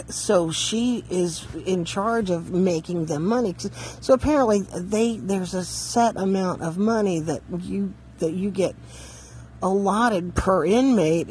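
A man living in a van, telling a rambling story in a casual, halting way, repeating words and laughing often. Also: high voice, darkish tone, slight background noise, low-quality recording.

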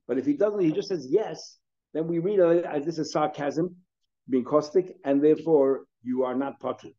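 Male Talmud teacher, conversational lecture, frequent restarts, mellow voice, muffled sound. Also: on the high side, moderate pace. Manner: mixes Hebrew and Aramaic terms into English explanation. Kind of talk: daily Talmud class lecture.

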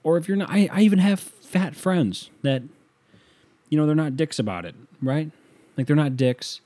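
A man's voice: fairly high pitch, expressive, normal speed, warm tone. A man delivering a profane, sarcastic comedic rant as a solo monologue.

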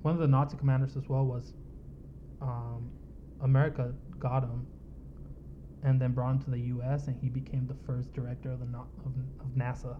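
A man chats casually on a podcast, often hesitating and losing his thread. His pitch sits mid-range. The sound is a bit dull, with faint room ambience. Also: little pitch movement, fairly quick, a little hiss or hum. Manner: casual, hesitant, trails off with fillers. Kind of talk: casual chat.

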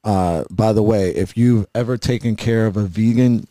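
A man's voice: on the low side, normal speed, warm tone, no echo. A man hosting a podcast, telling a long story in a loose, profane, rambling way, full of restarts and asides. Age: adult with a school-age son. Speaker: podcast host. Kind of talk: casual podcast chat.

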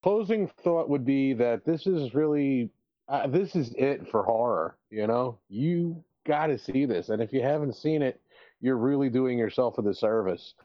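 A man's voice: mid-range voice, animated, normal speed, no room sound. Enthusiastic man, slightly dull sound. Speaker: podcast co-host. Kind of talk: casual chat.

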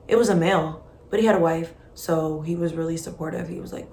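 A woman with a somewhat low, conversational voice recounts a personal story as a podcast host. She speaks expressively and candidly, full of likes and ums. The room adds noticeable echo, with a faint hum of background noise. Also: fairly quick. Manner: expressive, conversational, lots of fillers. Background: faint ambient noise, passing truck.

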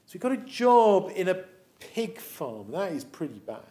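A man tells a story to children in a loose, chatty way, filling his sentences with ums and restarts. His voice sits high and swings widely as he talks. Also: normal speed. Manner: animated, chatty, many fillers.

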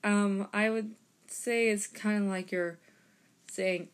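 A young woman hosting a casual harmonica lesson, explaining step by step and pausing to demonstrate. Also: medium pitch, fairly even intonation. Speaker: harmonica teacher and podcast host. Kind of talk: casual instructional talk.

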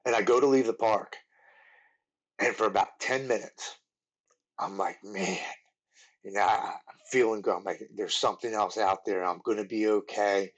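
A man in his forties from Maryland, a podcast guest telling his recovery story in an earnest, halting way, often restarting his words. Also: lowish voice, fairly even intonation. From Maryland, USA.

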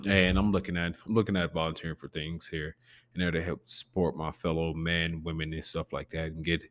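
A man with a gravelly growl in his voice, hosting a podcast in a loose, rambling and profane casual chat. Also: low voice, a bit bright, no room sound. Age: adult with a preteen nephew. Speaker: podcast host.

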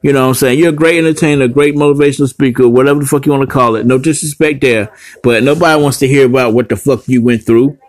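A man's voice: medium pitch, fairly even intonation, fast, no room sound. Man, blunt foul-mouthed vlogger; scattered rant, dead-dry recording. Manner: heavy cursing, blunt, scattered. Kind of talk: rambling profane rant to camera.

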